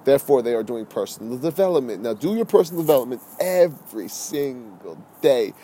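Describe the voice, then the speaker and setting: A male fitness coach delivers a motivational podcast monologue in a warm, mellow voice. He talks bluntly and with slang, hammers on key phrases, and shifts from loud bursts to calm, low-spoken stretches. A faint hum of outdoor traffic sits behind him. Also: fairly quick.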